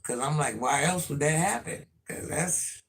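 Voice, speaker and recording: Speaking at a measured pace in a fairly high, gravelly voice, a man talks casually to his live-stream audience, thinking out loud, rambling, and circling back over the same points. There's slight background noise.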